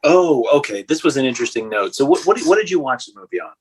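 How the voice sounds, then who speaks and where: A man's voice: medium pitch, lively intonation, fast talker, husky. A man hosting a casual film-discussion podcast, rambling with lots of fillers and frequent laughs. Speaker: podcast host.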